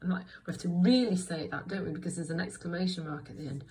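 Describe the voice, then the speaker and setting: Woman, primary teacher type, low-ish voice, slow clear encouraging delivery for small kids. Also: a little mellow, a little hiss or hum, poor audio. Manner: slow, clear and encouraging, with many questions to the listener. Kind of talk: reading lesson for young children.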